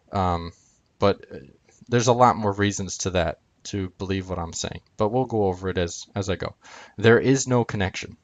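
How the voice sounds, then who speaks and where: Hesitant low-voiced man explaining slowly. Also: no echo. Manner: hesitant, many ums and uhs, pointing at on-screen letters. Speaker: video presenter explaining Greek spellings. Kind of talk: casual screen-share explanation.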